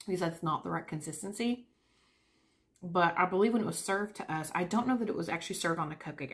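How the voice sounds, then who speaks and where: A young woman chatting casually to camera while eating lunch. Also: fairly low pitch. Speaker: vlogger. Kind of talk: casual chat.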